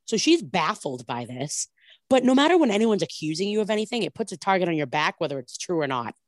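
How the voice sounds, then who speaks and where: Gossipy woman recapping tv drama, lowish voice, acts out all the quotes, dead dry sound. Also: fast talker, no room sound. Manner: animated storytelling, acts out quotes, many "like"s. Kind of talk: casual chat recapping a reality show.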